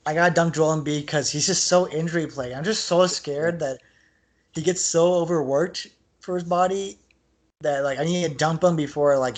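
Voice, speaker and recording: A man co-hosting a podcast in casual sports chat, talking in an animated, rambling way with lots of filler words. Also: on the high side. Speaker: podcast co-host.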